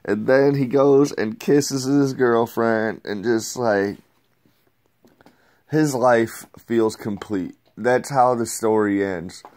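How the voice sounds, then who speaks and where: A man's voice: medium pitch, slow, a little mellow. A man giving a casual, rambling comic book review, laid-back, swearing and saying "dude" a lot.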